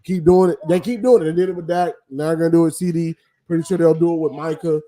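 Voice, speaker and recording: Male livestream host, slightly high, soft-toned voice, opinionated and rambling. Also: fairly even intonation, quick pace. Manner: opinionated, rambling, frequent ums. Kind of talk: casual draft commentary.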